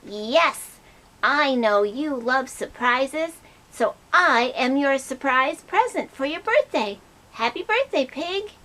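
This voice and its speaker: A playful little frog from a children's puppet show, as a woman voices him. He talks in slow, clear, bright sentences. His tone is crisp and forceful, and his pitch moves a lot. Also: expressive, full character voice. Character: cheerful small male frog puppet, playful. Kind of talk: puppet skit.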